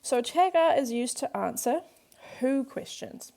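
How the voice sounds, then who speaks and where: A woman's voice: sits high, animated, moderate pace, mellow. A woman teaching a Korean grammar lesson, patiently explaining each point step by step with simple examples.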